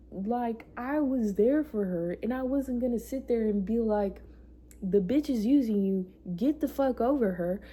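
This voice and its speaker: A young woman with a fairly high voice tells a personal story at an unhurried pace. She talks with raw feeling and swears freely, circling back over the same points for emphasis. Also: dark tone. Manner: emotional, swears often, repeats for emphasis. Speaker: vlogger. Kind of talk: casual storytime.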